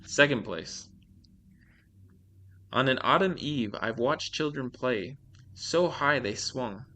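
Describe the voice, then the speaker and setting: A man hosting a podcast, chatting casually and reading short horror stories in a slow, dramatic way. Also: medium pitch, lively intonation, bright, forceful tone, slight background noise. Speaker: podcast host.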